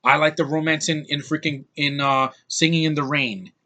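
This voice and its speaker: A man's voice: on the high side, level tone, moderate pace, pushed and bright. A man giving a casual, ranting film review, blunt and heated, often repeating and restarting his words. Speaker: movie reviewer.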